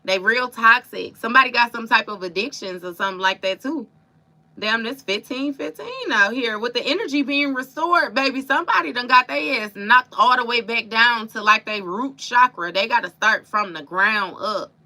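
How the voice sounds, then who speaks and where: A woman's voice: on the high side, animated, normal speed, pushed and bright. A woman doing a live tarot reading, talking to her viewers in a casual, emphatic, slangy way. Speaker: tarot reader.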